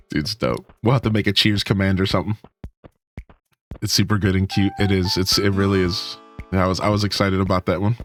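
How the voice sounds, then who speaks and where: A man's voice: deep voice, moderate pace, pauses often, faint music behind. A man streaming a video game, chatting casually and joking with his viewers. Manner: animated, jokey, talks to chat. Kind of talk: casual gaming chat.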